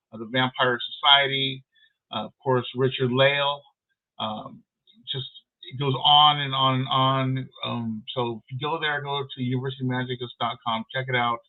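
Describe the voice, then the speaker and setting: A man hosting an online show in a casual, rambling way, with many fillers, over a video call. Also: medium pitch. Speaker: podcast host. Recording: tinny phone-like line.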